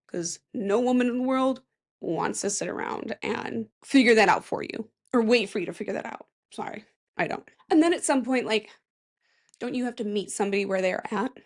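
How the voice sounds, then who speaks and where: A woman's voice: a little high, animated, moderate pace. Chatty rambling woman podcast host. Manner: chatty, rambling, sarcastic asides. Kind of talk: casual solo podcast chat.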